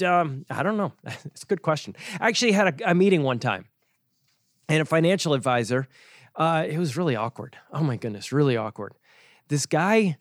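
A man's voice: sits high, no room sound, studio quality. A man hosting a talk show, explaining investing in a casual, conversational way, with sarcastic asides and frequent chuckles. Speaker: podcast host and financial educator.

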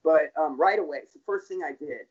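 A man's voice: fairly high pitch, a little fast, slightly rough. A middle-aged man telling his life story in an interview, blunt and profane, in plain street talk. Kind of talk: candid personal storytelling. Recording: dull lo-fi recording.

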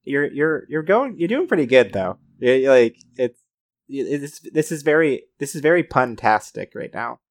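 A man chats casually on a podcast, tripping over his words as he reacts. He breaks in with short laughs and quick remarks. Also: mid-range voice, sing-song, dry recording, studio quality. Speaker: podcast co-host. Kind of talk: casual chat.

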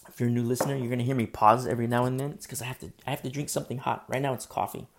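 A man preaching an earnest, animated sermon, speaking through a sore throat. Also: medium pitch, very fast, vocal fry, noisy background. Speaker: pastor.

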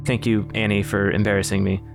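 Low-voiced host stammering thru an improv bit, lots of uh's and little laughs, music under it. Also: flat delivery, a little fast. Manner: hesitant, stammering, laughs often. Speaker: podcast host. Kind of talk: casual improv comedy chat.

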